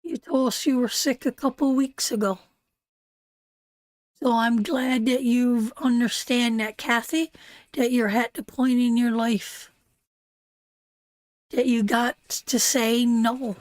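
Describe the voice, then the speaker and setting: A woman's voice: on the high side, fairly even intonation, slow, pauses often, no room sound. An older woman from Newfoundland with a Newfoundland accent, hosting a live tarot stream in casual, affectionate talk and calling viewers darling and sweetheart. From Newfoundland, Canada.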